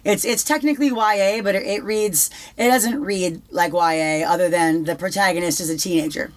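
Chatty, foul-mouthed young woman. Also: lowish voice. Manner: swears freely, fast restarts and repetitions. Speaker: podcast co-host. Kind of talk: casual chat.

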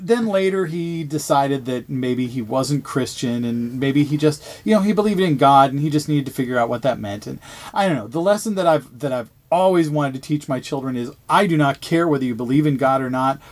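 A man's voice: medium pitch, lively intonation, a little fast. Earnest man reflecting on raising kids. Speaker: parent, podcast guest. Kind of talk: casual chat.

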